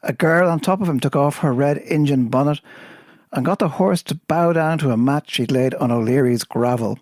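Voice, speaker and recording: A man with an Irish accent, a host, reading a poem aloud in a lively storytelling way. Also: a little high, moderate pace, no room sound, clean studio sound. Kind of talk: poetry reading.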